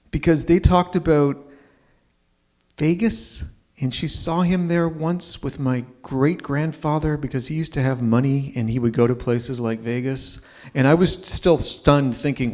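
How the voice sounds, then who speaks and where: A man's voice: fairly high pitch, a little slow, darkish tone. A man in his fifties telling a personal story live on stage, conversational and checking in with the audience. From Ontario, Canada.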